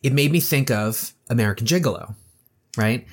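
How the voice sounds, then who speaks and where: A man casually discussing a horror movie with a co-host, animated and acting out lines as he talks. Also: medium pitch, normal speed. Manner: animated, acts out quotes, conversational asides.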